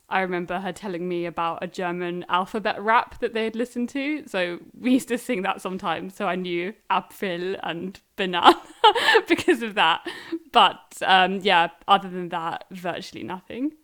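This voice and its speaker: A woman's voice: fairly low pitch, normal speed. A woman, a guest learning German, answering casually in a chatty way and laughing easily. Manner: chatty, laughs easily, animated when recalling.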